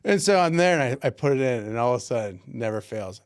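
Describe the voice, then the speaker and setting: Animated man telling a story. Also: medium pitch, fast talker, clean tone. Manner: animated, acts out voices in his stories. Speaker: podcast co-host. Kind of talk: casual storytelling. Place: Pennsylvania.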